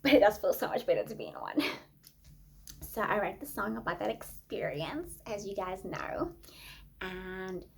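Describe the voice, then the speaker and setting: A woman's voice: mid-range voice, very animated, moderate pace, gravelly, slight background noise. A woman voicing a vain, dramatic young female influencer who thinks she can sing, talking in a self-absorbed, giggly way. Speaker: improv comedian. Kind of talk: improvised comedy podcast.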